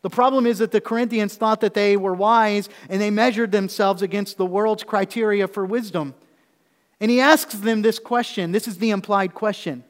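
A man's voice: high-pitched, brisk. A male preacher giving a sermon, explaining scripture with humorous asides and rhetorical questions. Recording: echoey hall.

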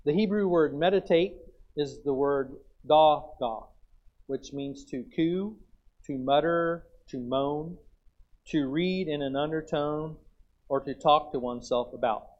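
A man's voice: on the high side, a little slow. Man preaching a folksy sermon, muffled. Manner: folksy, acts out chewing sounds.

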